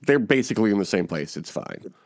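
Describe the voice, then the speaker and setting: A man hosting a casual podcast, joking around and tossing mumbled asides between louder bits. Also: fairly low pitch, animated, fast talker. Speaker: podcast host.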